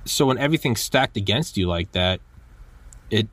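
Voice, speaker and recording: Animated storytelling man, dry close sound. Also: on the low side, normal speed, husky, no echo. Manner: animated storyteller, acts out quotes, many restarts. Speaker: podcast host. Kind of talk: casual conversation.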